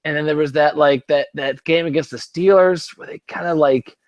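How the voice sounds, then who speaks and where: A man's voice: on the high side, normal speed. Rambling, tipsy man ranting about football. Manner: rambling, profane, many restarts. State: tipsy from drinking. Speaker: podcast co-host. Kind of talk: casual sports chat.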